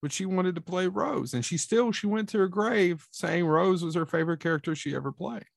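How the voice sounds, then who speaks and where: A man with a gravelly voice that sits a little high chimes in during casual chat, adding facts and correcting details. His voice comes across dry and close. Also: fairly quick, no room sound.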